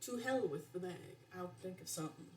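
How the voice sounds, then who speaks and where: A woman's voice: on the low side, lively intonation, fairly quick. A woman playing a tabletop game who talks hesitantly, stalling with fillers. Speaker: player.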